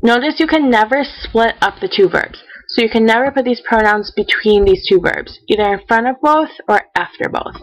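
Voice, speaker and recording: Female teacher with a slightly high voice, for a calm step-by-step recorded lesson. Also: rough recording. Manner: methodical, counting out steps; reads example sentences slowly. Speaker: Spanish teacher.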